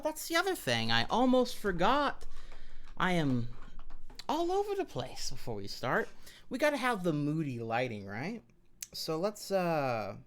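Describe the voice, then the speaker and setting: An American woman streaming live, chatting playfully and greeting her viewers by name. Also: extremely low pitch. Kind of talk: casual live-stream chat. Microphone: wearing headphones.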